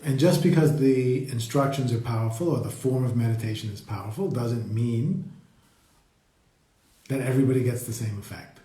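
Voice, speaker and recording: A meditation teacher leads a live talk, speaking slowly and reflectively and greeting viewers as they join. His voice is medium-pitched with a dark tone, recorded with a roomy echo.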